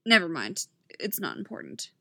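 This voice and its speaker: A woman's voice: lowish voice, wildly swooping pitch, vocal fry, sharp tone, no echo, pitched below the performer's own voice, full character voice. A woman voicing a curt, evasive tough guy. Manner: curt, halting answers.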